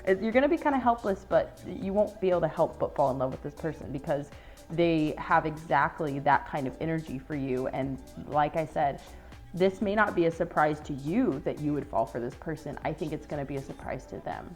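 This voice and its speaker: A woman's voice: low voice, a little mellow. A woman giving a casual tarot reading to viewers, rambling and earnest, full of "like" and casual swearing. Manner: earnest and emotional. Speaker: tarot reader.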